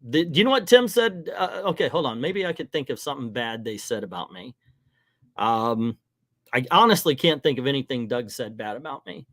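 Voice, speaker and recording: A man's voice: medium pitch, animated, moderate pace, fairly bright tone, no room sound, clean studio sound. A middle-aged man hosting a casual livestream, talking in a rambling, frank and hesitant way in front of a green screen. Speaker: livestream host.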